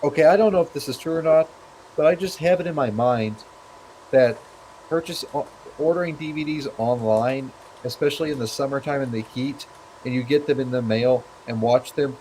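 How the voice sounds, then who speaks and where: A man's voice: mid-range voice, moderate pace, mellow, slight background noise, low-quality recording. A man in casual group chat, asking questions with many restarts and hesitations.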